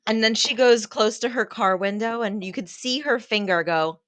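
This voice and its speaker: Brief: woman co-host in easy chat, quick to react and add details. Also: fairly high pitch, fairly bright tone, dry recording. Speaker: pottery studio co-owner and podcast host. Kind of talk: casual chat.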